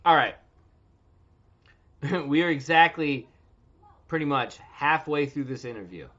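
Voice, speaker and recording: A man in his thirties hosts a casual livestream from home, loose, joking and profane. His voice is fairly high and animated, with a measured pace and a fairly bright tone, captured in dull lo-fi stream audio.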